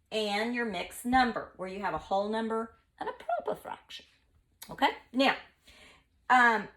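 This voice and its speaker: Brief: woman teacher, recorded online math lesson, lively and playful, chatty. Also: on the high side.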